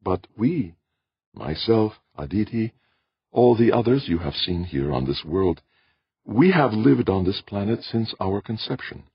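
A man voicing a calm, courteous alien elder who explains patiently and placidly. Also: fairly low pitch, measured pace, husky, dry recording, dull audio, voice pushed up, heavily acted. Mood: calm, placating.

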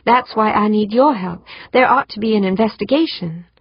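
Brief: woman narrator voicing a determined, worried young woman, husky tone, urgent, pleading. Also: mid-range voice, normal speed, dry recording, pitched above the performer's own voice. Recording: dull muffled audiobook recording.

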